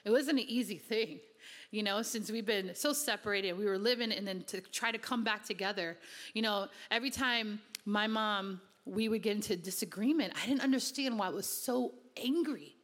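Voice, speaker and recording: A woman's voice: mid-range voice, normal speed, fairly bright tone, long reverb tail. A woman from Connecticut giving an earnest, conversational personal testimony in a sermon, with many casual fillers. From Connecticut, USA.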